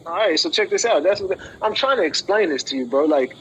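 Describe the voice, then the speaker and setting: A man with a high voice hosts a heated argument, pressing his point fast. He stammers and says the same lines again and again. Faint background noise is heard. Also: animated, fairly bright tone, low-quality recording. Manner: insistent, repeats phrases, stammers.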